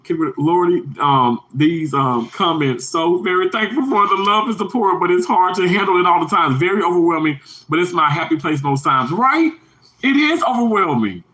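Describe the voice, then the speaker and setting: A man's voice: moderate pace, few pauses, sharp tone, low-quality recording. A man hosting an emotional livestream, talking in a heartfelt, rambling way to his viewers. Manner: heartfelt, rambling, repeats himself, pitch jumps high when emphatic. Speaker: livestream host.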